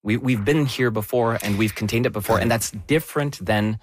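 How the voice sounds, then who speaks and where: A man's voice: fairly low pitch, a little fast, hardly any pauses, no echo, clean studio sound. A man explaining health news in an emphatic, conversational way.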